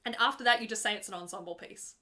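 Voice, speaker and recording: A woman's voice: mid-range voice, fast, sharp tone. A young adult woman who sings opera, chatting on a live stream in a joking, casual way while explaining arias to viewers. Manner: chatty and joking, breaks into full operatic singing. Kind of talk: live stream chat and teaching.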